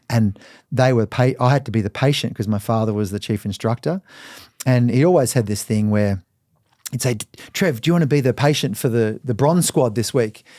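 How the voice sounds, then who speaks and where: A middle-aged Australian man, a podcast guest, telling candid personal stories in an animated way. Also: mid-range voice, no room sound, studio quality. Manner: animated, acts out quoted voices. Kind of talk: candid storytelling.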